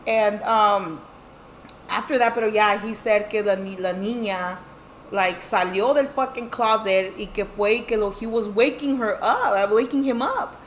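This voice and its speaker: Speaking at a moderate pace in a medium-pitched voice, with slight background noise, this guest tells a family story from her life. The middle-aged woman moves between English and Spanish, imitates the voices of those involved, curses heavily, and fills in with lots of fillers.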